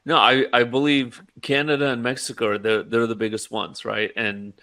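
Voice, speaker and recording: A man co-hosting a casual political talk show, speaking in a measured way and hedging often. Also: medium pitch, little pitch movement, sharp tone. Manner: measured, hedging with "I mean" and "right?". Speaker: podcast co-host.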